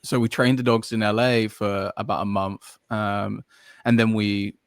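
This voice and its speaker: A man's voice: on the low side, level tone, unhurried, clear, resonant tone, dry recording, studio quality. A man guesting on a podcast, talking casually and at length, full of fillers and restarts as he searches for words. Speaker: podcast guest, dog trainer. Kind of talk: casual interview chat.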